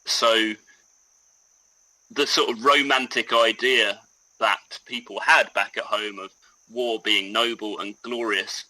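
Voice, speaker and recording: Husky, bright-toned male podcast host. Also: fairly low pitch, steady tone, slow, no echo, rough recording. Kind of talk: casual history chat.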